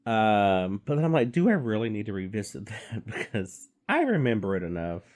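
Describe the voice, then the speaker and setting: A man's voice: lowish voice, very animated, moderate pace, darkish tone. A man giving a casual, rambling movie review, swearing freely and stumbling through fillers and restarts.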